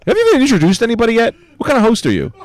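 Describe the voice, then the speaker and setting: A man's voice: extremely high pitch, wildly swooping pitch, rapid-fire, darkish tone. A middle-aged man, a guest comedian in casual podcast chat, telling crude, riffing, joking stories.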